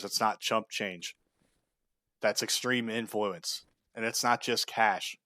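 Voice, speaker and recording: A man's voice: mid-range voice, a bit bright, dry recording, clean studio sound. Blunt, profane man ranting. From United States. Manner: blunt, profane, heated and sarcastic. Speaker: political commentary host. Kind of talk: ranting political commentary.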